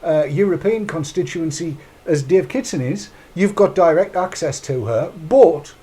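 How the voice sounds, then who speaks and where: High-voiced wry man. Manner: wry, teasing, animated. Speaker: show host. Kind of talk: casual panel chat.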